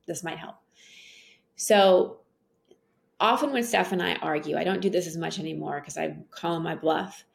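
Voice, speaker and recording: A woman speaking as a guest in a casual interview, telling stories in an earnest, animated way. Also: lowish voice, vocal fry.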